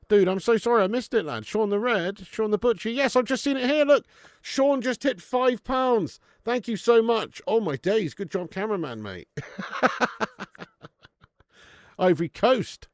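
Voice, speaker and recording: A man hosting a football watch-along stream, swearing often and bantering with his chat in bursts of excitement. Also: sits high, moderate pace, dry recording, clean studio sound. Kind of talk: casual live-stream chat.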